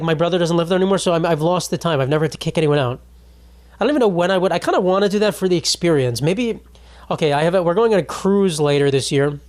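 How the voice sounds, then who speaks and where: A young man hosting a casual solo podcast, rambling and swearing, often mocking himself. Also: a little high. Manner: rambling, profane, self-mocking. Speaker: podcast host.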